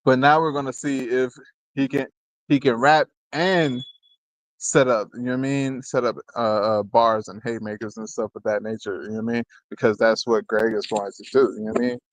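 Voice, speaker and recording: A man's voice: medium pitch, fairly even intonation, normal speed, dry recording, rough recording. Man rambling battle rap host, dry sound. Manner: loose and rambling, constantly asking "you know what I mean"; laughs between remarks, jokes with chat. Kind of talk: casual commentary.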